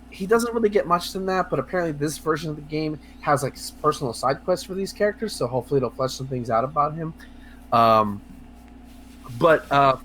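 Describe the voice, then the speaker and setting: A man co-hosting a casual video game podcast, talking in a rambling, excitable way with lots of fillers, restarts and swearing. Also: a little high, a little hiss or hum. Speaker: podcast co-host. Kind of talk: casual podcast chat about video games.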